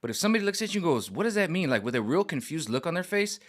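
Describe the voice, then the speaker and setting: A man's voice: fairly high pitch, big pitch swings, rapid-fire. A man vlogging in a casual, rambling monologue, talking in slang, repeating himself and restarting sentences.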